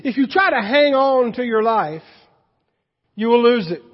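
A man's voice: extremely high pitch, expressive, a little slow, big-room sound, muffled recording. A male pastor delivering a sermon in a church, speaking conversationally and asking the congregation questions.

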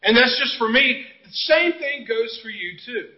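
A man's voice: very high-pitched, expressive, normal speed, lo-fi sound. A middle-aged man preaching a sermon, telling folksy stories and jokes and talking to the congregation. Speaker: pastor. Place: church sanctuary.

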